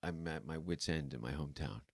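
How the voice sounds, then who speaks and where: A middle-aged man from Canada, a comedian guest on a podcast, talking bluntly and crudely with halting fillers when he thinks. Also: a bass voice, gravelly, no echo, studio quality. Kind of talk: casual chat.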